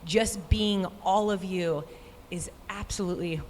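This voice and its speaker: A woman's voice: medium pitch, a little slow, a little mellow, slight background noise. Earnest woman telling a story in a reverberant hall. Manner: earnest, heartfelt storytelling with quoted inner thoughts. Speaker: professional runner and guest speaker. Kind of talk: personal storytelling talk at a live show. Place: live stage event in a large hall. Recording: long reverb of a live venue.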